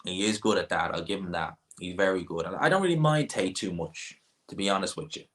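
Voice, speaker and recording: Opinionated Irish man, bright voice. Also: deep voice, lively intonation, a little fast. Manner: opinionated and rambling, frequent restarts. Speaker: livestream host. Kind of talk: casual livestream chat answering comments.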